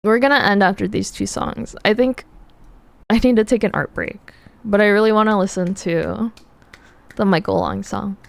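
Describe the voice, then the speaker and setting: A young woman chatting casually on a drawing livestream, excitable, repeating herself and laughing often. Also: mid-range voice, normal speed, creaky. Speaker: art streamer.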